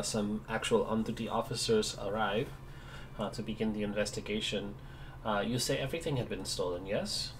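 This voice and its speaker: A man's voice: lowish voice, background noise, close to an everyday voice. A man playing an earnest female peace officer in a tabletop game, speaking politely and formally.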